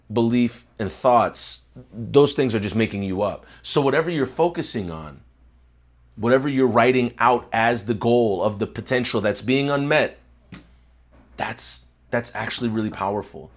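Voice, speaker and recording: A young man hosting his own channel, giving a reflective motivational talk to camera, often repeating words as he searches for them, then stating points firmly. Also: medium pitch. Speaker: host.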